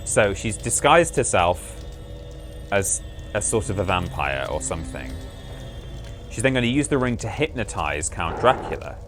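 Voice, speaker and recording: A man's voice: lowish voice, big pitch swings, normal speed. Chatty man streaming a game. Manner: chatty, amused, rambling, self-correcting. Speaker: livestream host playing a game. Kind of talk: casual gameplay commentary. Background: faint game music.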